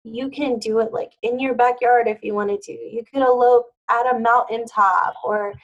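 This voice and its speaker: A woman's voice: on the high side, fairly even intonation, moderate pace, highs cut off. A woman who is a wedding planner, talking casually as a podcast guest and filling her speech with "like.". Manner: chatty, with many "like" fillers. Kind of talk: casual interview chat.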